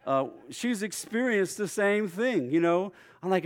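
A man's voice: high-pitched, measured pace, few pauses. Chatty storytelling male preacher. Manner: storytelling, conversational, lively voice swings. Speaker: pastor. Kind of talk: sermon.

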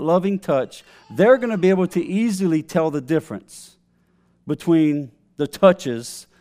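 This thirtysomething pastor weaves a family story into his sermon, pausing to call out to the people before him. He has a fairly high-pitched voice with a darkish tone.

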